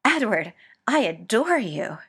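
Lady reading as a calm soft-spoken guy, low and slow, quietly intense. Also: breathy edge, exaggerated voice. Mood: tender. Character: composed older man, calm and quietly intense.

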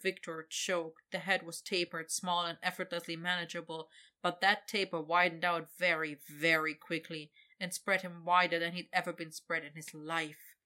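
A woman reading an adult story aloud as narrator in a steady, intimate manner. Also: lowish voice, normal speed.

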